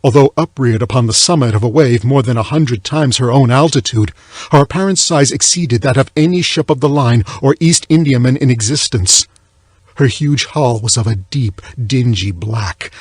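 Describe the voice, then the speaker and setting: A man reads a classic tale as an audiobook narrator, keeping a measured, somber delivery. His voice is husky with a breathy edge. The recording is dry and close, with no room sound. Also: no echo. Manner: measured, low, somber reading. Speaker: audiobook reader.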